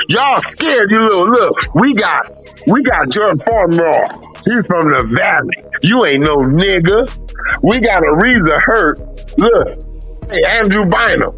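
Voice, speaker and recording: High-voiced, bright, animated man. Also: gravelly. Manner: loud, animated storytelling with mimicked shouts and profanity. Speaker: podcast co-host. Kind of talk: casual sports chat.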